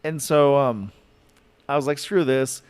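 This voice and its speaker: A man telling a podcast story in an animated, rambling way, full of fillers and likes. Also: medium pitch, unhurried, clear, resonant tone. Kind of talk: casual storytelling.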